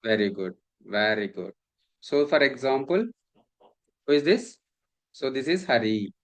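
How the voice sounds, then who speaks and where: Male instructor, middle pitch, repetitive classroom lecturer who keeps checking understanding. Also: expressive, measured pace.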